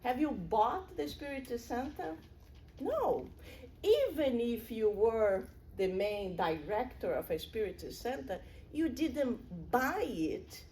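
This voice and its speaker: A woman's voice: a little high, big pitch swings, slow pace, mellow, a little hiss or hum. A middle-aged woman giving a public spiritual lecture in an earnest, conversational way, with personal stories.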